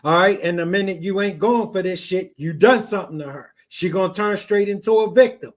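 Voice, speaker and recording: High-voiced man giving blunt mocking commentary. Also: a little fast. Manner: blunt, mocking, repeats himself. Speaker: reaction podcast host. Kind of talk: profane reaction commentary.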